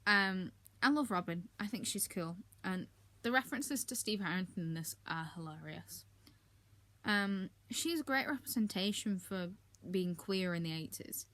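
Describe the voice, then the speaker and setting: A woman talking through the books she read this month in a relaxed, candid way. She fills her sentences with ums and throws in blunt little asides. Her pitch sits in an ordinary middle range for a woman. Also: moderate pace. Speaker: book reviewer. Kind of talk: casual monthly reading wrap-up.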